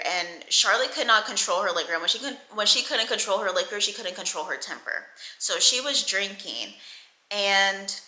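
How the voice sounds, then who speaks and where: A woman in her twenties telling a casual storytime, chatty and animated, swearing and laughing a lot. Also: mid-range voice. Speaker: vlogger. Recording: echoey room.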